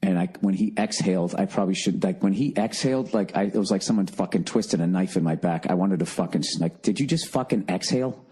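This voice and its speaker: This middle-aged American podcast host rants solo from home in an exasperated, foul-mouthed comic monologue. He talks fast with hardly any pauses, in a low, warm, slightly rough voice.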